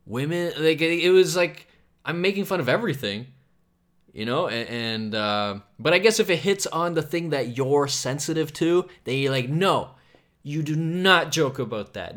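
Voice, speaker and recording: A young man hosting a comedy podcast, talking alone in a rambling, profane way, swinging between loud bursts and low mumbles. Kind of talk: casual solo podcast rant.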